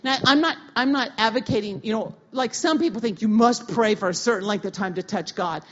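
A middle-aged woman pastor giving a conversational sermon, telling a personal story in a lively, casual way with slang and restarts. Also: fairly high pitch, a little fast. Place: church sanctuary. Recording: dull, lo-fi audio of a church talk.

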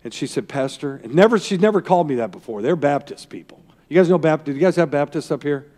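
Rambling folksy pastor in a reverberant hall. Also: male voice, fairly high pitch, animated, fast talker, dark tone. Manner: rambling, folksy storyteller with asides to the crowd. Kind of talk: sermon.

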